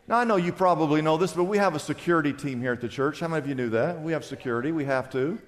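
High-voiced preacher in a reverberant church. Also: male voice, very fast, hardly any pauses. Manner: emphatic preaching with questions to the congregation. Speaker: pastor. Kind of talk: sermon. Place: large church sanctuary. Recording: live church hall reverb.

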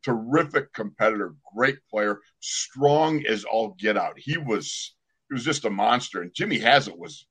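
An older man, a former pro football player, telling lively sports stories on a casual podcast. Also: on the low side, moderate pace, slightly rough. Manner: animated storyteller, acts out other people's lines.

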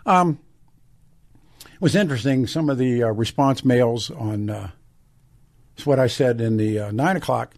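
A man's voice: medium pitch, unhurried, gravelly, pauses often. An older man hosting a talk radio show, reading ads and ranting bluntly with rhetorical questions. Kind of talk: talk radio monologue and ad read.

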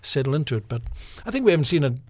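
A middle-aged man with a New Zealand accent, an actor guest talking in a relaxed, rambling way with many fillers. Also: fairly high pitch, rapid-fire, breathy edge, no echo. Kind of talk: casual interview chat.

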